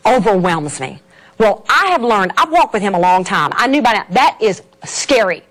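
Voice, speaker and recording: High-voiced woman telling a lively testimony. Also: moderate pace. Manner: animated, laughing, acts out scenes. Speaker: speaker. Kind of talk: testimony storytelling to an audience.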